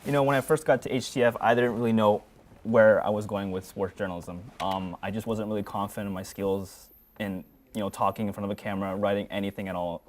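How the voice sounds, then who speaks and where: A man's voice: on the low side, steady tone, fast talker, a little mellow, slight background noise. A young man, a graduating student on a sports show, giving a sincere, rambling farewell full of fillers. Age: young adult. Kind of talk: heartfelt farewell speech.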